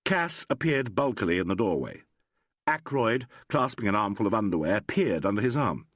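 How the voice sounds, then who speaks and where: A male audiobook narrator reading in a measured storytelling manner. His voice is fairly low, yet it moves expressively. The recording is close and dry, made at a studio microphone. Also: big pitch swings, fairly bright tone, no room sound. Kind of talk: scripted narration.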